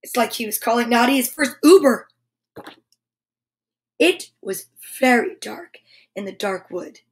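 A woman reads a picture book aloud for children, unhurried and careful with every phrase. Her voice sits high, and she breaks off now and then for friendly asides to her young listeners. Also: expressive. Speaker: children's storyteller host.

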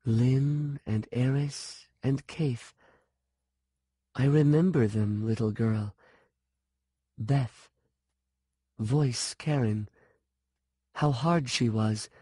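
A man doing a hushed, dreamy witch. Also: medium pitch, slightly rough, no echo, clean studio sound. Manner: soft, hushed and slow. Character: ageless wild-haired female witch, dreamy and possessive.

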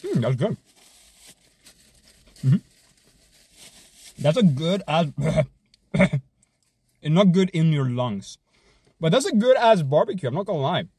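A man streaming himself eating fast food, joking around, swearing often, and humming between bites. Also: fairly high pitch, expressive, darkish tone, husky, no echo. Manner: hyped, joking, swears a lot, chews and hums between bites.

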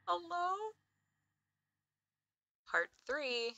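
Bright-voiced jumpy young woman streamer. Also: medium pitch, animated, slow, long pauses, no room sound. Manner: jumpy, easily spooked, laughs a lot. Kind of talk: casual let's-play commentary.

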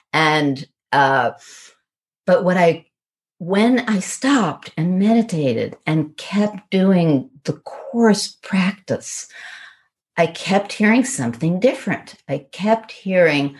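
A middle-aged woman on a podcast, telling a personal story in an earnest, halting, reflective way with frequent pauses. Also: deep voice. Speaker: podcast guest.

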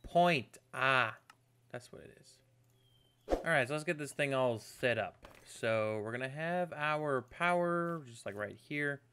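A man's voice: medium pitch, animated, slow pace, sharp tone, slight background noise. A man hosting a video game channel, giving upbeat, chatty gameplay commentary with a self-mocking streak. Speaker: gaming channel host.

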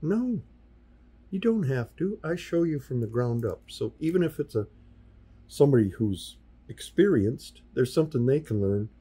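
A man from the US Midwest, a sign painter and workshop teacher, is a guest on a podcast, telling stories in a casual studio interview. His mid-range voice swings widely in pitch at normal speed, with a dark, slightly rough tone. He slips into the voices of people he quotes, acting out their dialogue in passing.

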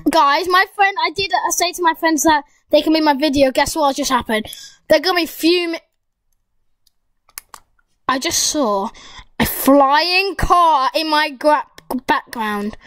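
Young gamer girl, high-pitched and dry-miked, excitable rambling game commentary to viewers. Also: dry recording, rough recording. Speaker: gaming YouTuber. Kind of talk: casual gameplay commentary.

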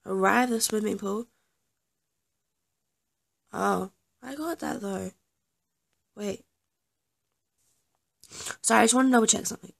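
Young woman, gravelly voice, casual gameplay chat, self-deprecating, apologetic. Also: medium pitch, measured pace, long pauses. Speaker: gaming YouTuber.

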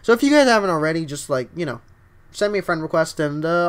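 A young man with a scratchy voice, livestreaming a game at home, chatting casually and excitedly while greeting his viewers. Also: fairly high pitch, quick pace. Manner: excitable, rambling, greets chat often. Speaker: livestreaming gamer.

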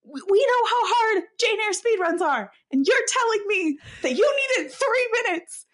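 Animated chatty woman podcast co-host. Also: very high-pitched. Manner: chatty, emphatic, rushes through asides. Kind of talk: casual chat.

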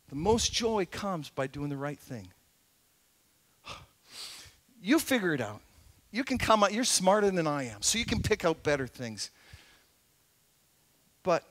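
High-voiced earnest preaching pastor. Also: male voice. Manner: earnest, conversational preaching with rising emphasis and quiet asides. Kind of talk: sermon. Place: church sanctuary.

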